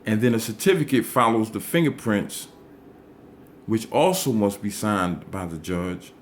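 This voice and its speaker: A man explaining a legal statute, reading it aloud slowly and stressing and repeating key words. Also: lowish voice, animated, a little hiss or hum.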